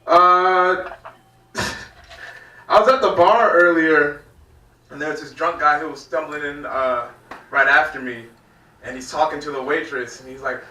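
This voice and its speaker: A man's voice: on the high side, moderate pace, pauses often, pushed and bright. A man from Virginia doing a stand-up comedy set, rambling loosely and laughing at his own jokes on a club stage. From Virginia, United States. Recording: echoey club room from far off.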